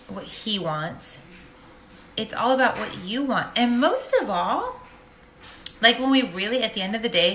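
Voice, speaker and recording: Woman life coach, casual faith talk, direct and animated, echoey room, faint hiss. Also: medium pitch. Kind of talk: casual faith-based monologue. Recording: roomy echo.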